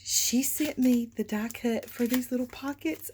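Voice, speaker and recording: A woman hosting a craft vlog, gushing excitedly over items and talking straight to her viewers in a casual show-and-tell style. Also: high voice, a little slow, hardly any pauses. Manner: gushing, excitable, frequent gasps and exclamations; addresses viewers as y'all. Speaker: craft channel host.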